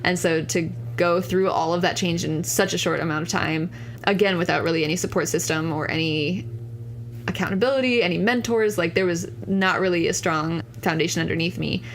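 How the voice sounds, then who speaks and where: A woman's voice: fairly low pitch, a little fast, slight background noise. A young woman in her twenties, a podcast guest telling a personal story in an earnest, candid way, full of casual fillers. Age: 20s.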